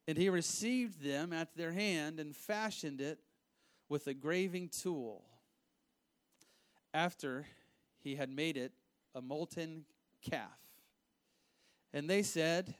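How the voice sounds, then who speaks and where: Brief: male preacher, fairly high voice, animated Bible teaching with emphatic bursts. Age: adult, married with children. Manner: animated, rising to emphatic outbursts, acts out voices. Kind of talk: sermon, reading scripture and commenting.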